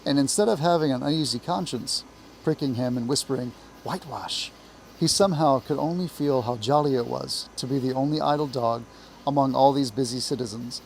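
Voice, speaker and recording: A man's voice: medium pitch, vocal fry, a little hiss or hum, rough recording. Appalachian man reading a storybook aloud. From Appalachia, US South. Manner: measured, expressive storytelling. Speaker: reader, teacher. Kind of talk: reading a children's book aloud.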